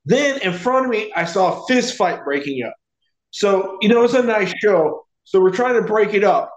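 A man telling a profane, animated story in casual podcast chat. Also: high voice, normal speed, echoey room, dull audio.

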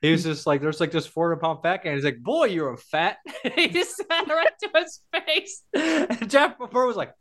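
A man's voice: high-pitched, moderate pace, few pauses, bright, forceful tone. A man co-hosting a casual podcast chat, rambling through stories with lots of laughter, swearing and acted-out quotes. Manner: rambling, laughing storyteller who acts out quotes; heavy swearing. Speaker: podcast co-host. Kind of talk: casual chat about cult horror films.

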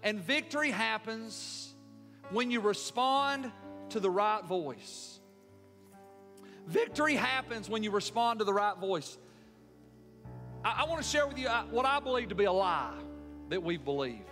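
Male pastor preaching a sermon, high bright voice with soft tender drops, hall reverb, faint music under. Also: expressive, measured pace, pauses often. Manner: preaching with rising emphasis, dropping to soft tender lines.

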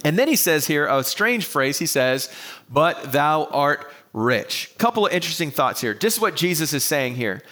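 Earnest preacher man with a bright voice. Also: on the high side, very animated, a little fast, hardly any pauses. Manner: earnest, repeats key phrases for emphasis. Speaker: pastor. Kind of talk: sermon. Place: preaching to an online audience.

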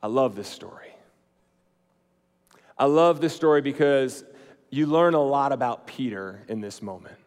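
A man preaching a sermon in a conversational way, swinging between emphatic lines and quiet, slow, hushed ones. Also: medium pitch, animated, long reverb tail. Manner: conversational, with fillers and restarts.

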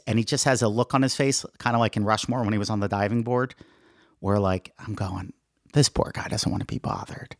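A man's voice: fairly low pitch, no room sound, studio quality. A man telling a comic story on a podcast in casual chat, acting out the quotes and laughing as he goes.

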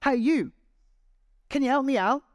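A man voicing a desperate man stuck in a hole, calling up loudly for help. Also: extremely high pitch, sing-song, a little slow, no room sound, clean studio sound, voice pushed up, heavily acted. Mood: pleading shout.

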